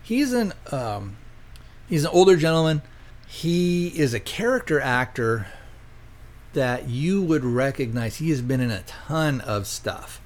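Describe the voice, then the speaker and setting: A man of ordinary pitch recaps a film's plot for his podcast listeners. He rambles and restarts, leans on fillers, and tosses in loose paraphrased lines from the characters. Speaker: podcast host reviewing films.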